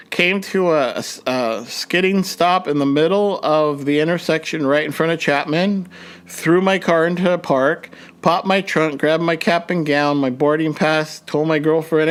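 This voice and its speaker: A young man, a podcast host telling a personal story in a rambling, halting way, with many restarts and fillers. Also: on the high side, clean tone.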